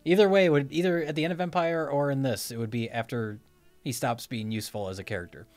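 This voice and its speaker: A man in a casual movie commentary, giving easygoing, measured opinions. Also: mid-range voice, darkish tone, soft background music. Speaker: film commentary host.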